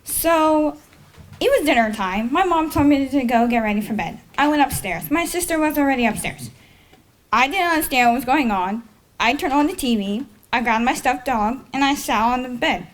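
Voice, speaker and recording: High-voiced young woman telling a story. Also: lively intonation, moderate pace. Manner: rambling, self-correcting, chuckles at her own story. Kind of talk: personal story told on stage. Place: live storytelling event before an audience. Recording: faint noise, live event.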